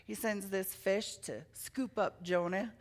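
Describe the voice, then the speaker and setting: Woman pastor with a gravelly edge, animated storyteller for a children's sermon, engaging young listeners with questions. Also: mid-range voice, slow. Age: adult with children. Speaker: preacher.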